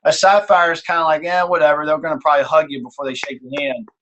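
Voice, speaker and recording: A man leads a team call and coaches in a lively, informal way. He often acts out examples, and his voice sits a little on the high side. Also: quick pace, lo-fi sound, slight background noise. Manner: animated, acts out examples in changing tones.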